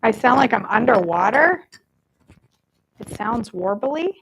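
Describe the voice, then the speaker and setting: A woman's voice: a little high, lively intonation, measured pace, creaky, slightly rough. A woman hosting a casual live cooking stream from her home kitchen, chatty and self-deprecating while she fiddles with her mic, over warbly, staticky audio.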